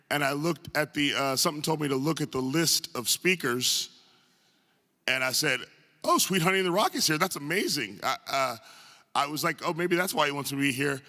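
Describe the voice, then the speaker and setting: A man from the northern United States tells funny, self-deprecating stories to an auditorium crowd, chatty and full of quick asides. His voice is slightly high, bright and forceful. A long hall reverb trails behind every phrase from the stage microphone. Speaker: guest speaker at a tribute event. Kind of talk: humorous anecdotal speech to a live audience. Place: large arts center auditorium.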